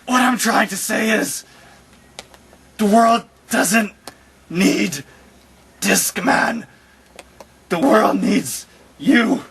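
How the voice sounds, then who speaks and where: A man giving a slow, earnest pep talk in an improvised comedy sketch. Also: high voice, creaky, a bit bright, slightly rough. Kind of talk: improvised comedy web series.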